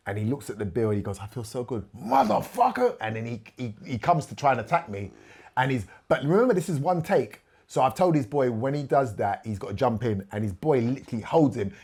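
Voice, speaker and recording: A middle-aged man, a podcast guest telling animated anecdotes and acting out the quoted lines. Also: medium pitch.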